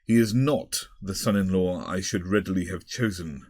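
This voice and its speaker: A man's voice: low voice, moderate pace, darkish tone, no echo, clean studio sound. A man voicing a pompous, long-winded elderly headmaster who speaks formally and rambles. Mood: solemn. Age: older.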